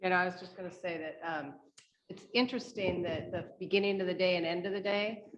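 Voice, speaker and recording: A woman's voice: lowish voice, fast, dull audio. A woman taking part in a training call, sharing a candid, reflective comment with fillers. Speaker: training participant. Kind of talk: casual discussion.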